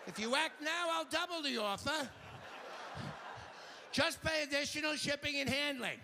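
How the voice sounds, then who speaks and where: A man putting on a high-pitched, pushy home-shopping jewelry seller with a sing-song sales patter. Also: moderate pace, gravelly, noisy background. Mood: gushing.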